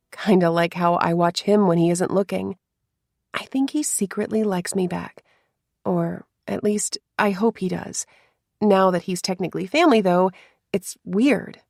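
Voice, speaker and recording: Woman storyteller, first-person romance narration, soft, confiding, hushed asides, mid pitch, dry close sound. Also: dry recording.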